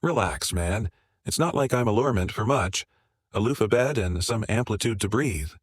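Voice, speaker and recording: A man's voice: fairly low pitch, lively intonation, moderate pace, dry recording, clean studio sound. A man voicing a brash, presumptuous younger man in a spoken story, with a casual, pushy way of talking.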